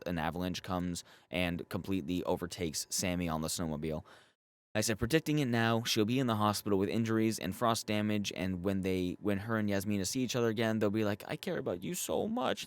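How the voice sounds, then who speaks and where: A man with a lowish voice talks through a show's episode in a loose, rambling way. He swears freely and leans on "like" as a filler. The sound is dry and close. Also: no room sound. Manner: profane, rambling, full of "like" fillers. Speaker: YouTube show reviewer. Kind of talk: casual episode recap.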